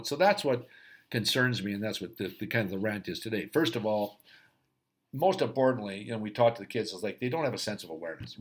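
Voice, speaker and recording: Middle-aged male hockey coach, low voice, earnest rambling monologue with restarts. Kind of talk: solo talk rant.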